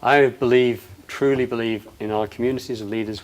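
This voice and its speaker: A man giving a passionate, emphatic talk to an audience, his voice rising loud on quoted lines. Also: medium pitch, steady tone, fairly quick, few pauses, a little hiss or hum. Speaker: speaker.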